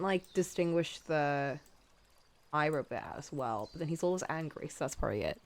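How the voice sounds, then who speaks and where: A woman's voice: low voice, expressive, normal speed. A woman streaming while she draws, sick and coughing, chatting casually and laughing at herself. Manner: chatty, self-deprecating, laughs often. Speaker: streamer drawing live. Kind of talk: casual chat while drawing.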